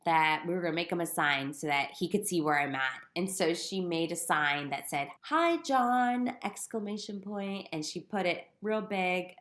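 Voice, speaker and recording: A woman's voice: sits low, moderate pace, hardly any pauses, fairly bright tone, reverberant. A young woman candidly telling her personal story on a podcast, with self-deprecating humor. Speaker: guest sharing her story.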